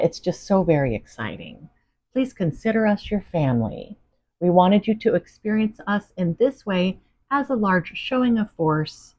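A woman voicing an exuberant alien being from a distant planet, who speaks in an excited, effusive and formal way. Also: medium pitch, highs cut off, pitched above the performer's own voice, natural voice.

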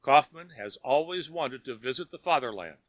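A man's voice: medium pitch, animated, normal speed, fairly bright tone, dry recording, lightly acted. A man voicing a reserved, shrewd older father in an audiobook reading, speaking tersely. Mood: guarded.

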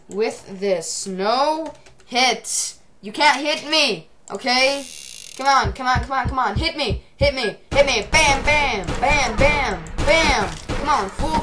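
A teenage girl giving excitable gameplay commentary, often shouting at the game. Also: sits high, slow, slight background noise.

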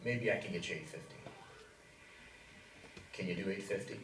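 An actor playing a pushy customer, wheedling for a lower price. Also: male voice, moderate pace, fairly bright tone, distant mic. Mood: pleading. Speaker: customer haggling over a price. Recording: video played in echoey hall, noisy.

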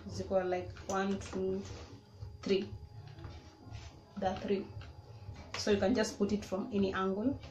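A woman's voice: mid-range voice, little pitch movement, unhurried, long pauses, darkish tone, soft background music. A woman, showing how to use a tool in a casual, step-by-step way. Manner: plain, step-by-step explaining. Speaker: DIY vlogger. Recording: echoey room with clear noise.

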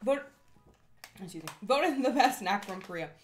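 A woman's voice: medium pitch, animated, normal speed, slight background noise. A young woman co-hosting a casual snack-tasting vlog, reading box descriptions aloud and chatting with laughs. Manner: chatty, reads aloud then comments with laughs. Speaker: vlog co-host.

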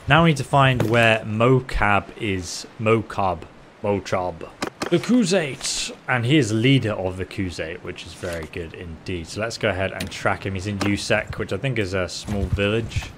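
A man giving joking let's-play commentary, talking excitedly to the characters in his game. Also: lowish voice, normal speed, slight background noise. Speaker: gaming YouTuber.

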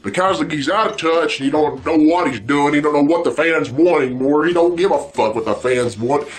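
High-voiced man in a profane rant. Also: normal speed. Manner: blunt, heavy swearing, repetitive. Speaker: vlog host ranting about wrestling. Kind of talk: profane angry rant to camera.

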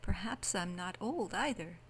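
A woman voicing a weary, wondering wanderer in a storybook, speaking softly and slowly. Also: on the low side, expressive, slight background noise. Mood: wistful.

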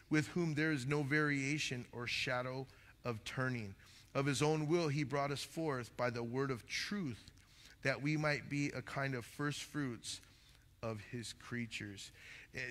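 Earnest pastor preaching in an echoing church. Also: male voice, mid-range voice, sharp tone. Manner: earnest, repeats phrases, says "man" often. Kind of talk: sermon. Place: church hall. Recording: long church reverb.

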